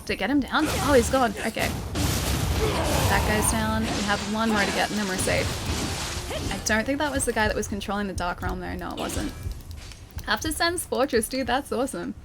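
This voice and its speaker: A woman's voice: a little high, lively intonation, brisk. Chatty Australian woman streaming a game. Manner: chatty, reads out and thanks chat, many fillers. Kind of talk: casual live-stream chat while gaming. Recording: game music playing behind.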